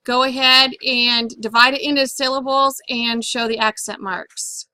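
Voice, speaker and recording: A woman's voice: high-pitched, little pitch movement, moderate pace, pushed and bright, no echo. A woman teaching a phonics lesson, patiently sounding out words syllable by syllable.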